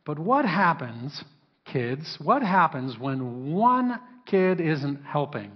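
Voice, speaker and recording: A male pastor preaching to his congregation. He asks them questions and briefly acts out biblical characters. His voice is slightly high and husky, and it carries a long reverb in a dull-sounding church hall. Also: big pitch swings, slow. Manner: interactive, asks the congregation to answer. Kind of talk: sermon.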